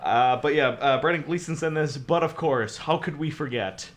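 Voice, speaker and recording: A man's voice: on the high side, moderate pace. A man with a slightly raised voice riffs through a casual film podcast, heaping mock praise and then knocking it down. He swears freely and talks with sarcastic gusto. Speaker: podcast co-host. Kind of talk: casual movie chat.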